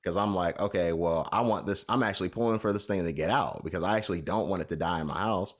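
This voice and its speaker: A man's voice: deep voice, quick pace. A man co-hosting a podcast, telling a long story in a casual, rambling way with lots of fillers. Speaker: podcast co-host.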